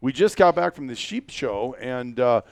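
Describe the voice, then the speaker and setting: A middle-aged man hosts a podcast in a loose, rambling way, joking and restarting his sentences often. His voice is smooth and resonant. It is recorded dry and close, with no room sound. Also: medium pitch, animated, moderate pace, no echo. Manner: rambling, jokey, many fillers and restarts. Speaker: podcast host. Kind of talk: casual chat.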